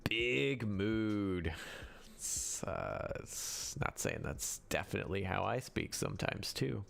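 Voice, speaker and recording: Male stream host with a low voice; loose, chatty, self-correcting delivery. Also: huge pitch swings, unhurried, creaky, a bit bright. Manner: rambling, with frequent restarts and self-corrections; answers viewer chat as he goes. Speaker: livestream host. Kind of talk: casual livestream talk on running games.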